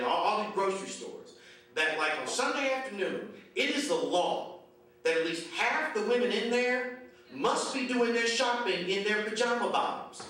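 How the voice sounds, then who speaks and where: A man delivers a stand-up set with profane, grumpy rants. His voice sits high and sounds bright and sharp. It comes from some distance in a very echoey room. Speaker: stand-up comedian. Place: comedy club stage at a memorial show.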